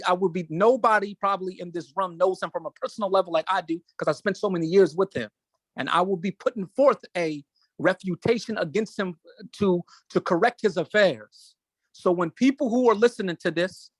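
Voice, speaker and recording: High-pitched emphatic man. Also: a bit bright, no echo. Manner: emphatic, repeats phrases, preaching cadence. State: emotional. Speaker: show host. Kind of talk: impassioned commentary.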